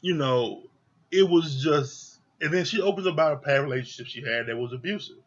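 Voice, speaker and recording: Husky-voiced man ranting, profane and exasperated. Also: on the high side, a little fast, muffled recording. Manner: profane, exasperated, emphatic repetition. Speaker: reality TV reviewer. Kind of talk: heated review rant.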